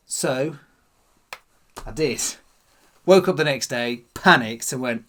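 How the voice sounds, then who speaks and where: A whisky vlogger with a medium-pitched, slightly bright voice speaks slowly, leaving long pauses. On his own channel he chats casually to camera, musing aloud as he tastes.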